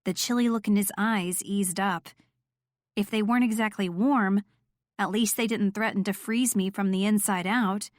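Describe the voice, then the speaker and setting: A woman narrating a first-person romance audiobook in a steady, clear storytelling voice. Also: medium pitch, normal speed, no echo, clean studio sound.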